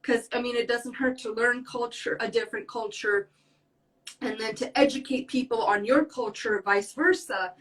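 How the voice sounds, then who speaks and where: A woman's voice: a little high, normal speed, fairly bright tone, recorded from a distance, poor audio. A young woman speaking earnestly as a podcast guest in casual talk, rambling with many fillers. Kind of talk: casual conversation.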